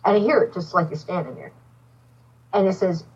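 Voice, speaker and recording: A woman's voice: fairly low pitch, brisk, distant mic, muffled recording, a little hiss or hum. A woman guest on a podcast telling a personal story in a casual way, acting out the voices of the people in it. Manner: animated storyteller, acts out dialogue. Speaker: podcast guest, psychic medium.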